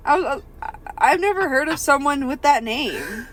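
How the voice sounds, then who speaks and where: A woman's voice: high voice, animated, normal speed, fairly bright tone, a little hiss or hum. A young woman co-hosting a podcast, reading a novel aloud and breaking off with giggly, joking asides. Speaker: podcast co-host.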